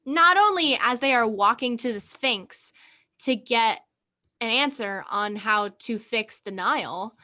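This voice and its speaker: A woman with a high, bright voice chats casually and recounts a story with animation. She swears freely along the way. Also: animated, measured pace. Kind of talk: casual chat.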